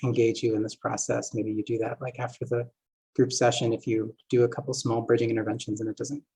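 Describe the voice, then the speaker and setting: Guy running a therapy seminar, talks casual with tons of likes and uhs, mid pitch. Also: flat delivery, quick pace, dark tone, husky, low-quality recording. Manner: casual, filler-heavy, many "like" and "uh". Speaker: group therapist and game master. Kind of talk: seminar lecture. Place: seminar talk.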